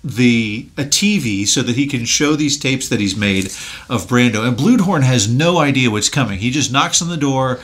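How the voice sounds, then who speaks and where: A man co-hosting a casual podcast, telling film history anecdotes in an animated way and mimicking people as he quotes them. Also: medium pitch, moderate pace. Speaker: podcast co-host.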